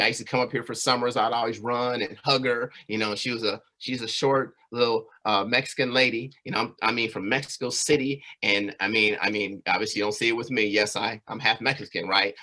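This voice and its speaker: A man speaks at a community presentation, telling his own life story in an earnest, conversational way. His voice sits at a middle pitch, and he keeps turning to the listeners with little asides. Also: sharp tone. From California. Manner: earnest, conversational, frequent "right?" and "you know".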